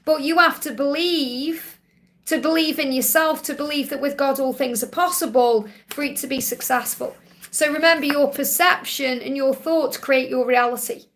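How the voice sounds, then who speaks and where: A woman's voice: high-pitched, steady tone, moderate pace, slight background noise. Reassuring Stoke-on-Trent woman reading cards. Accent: Stoke-on-Trent English. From England. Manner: gentle, reassuring, repeats key phrases. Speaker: card reader answering viewer questions. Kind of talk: live-stream Q&A with card readings.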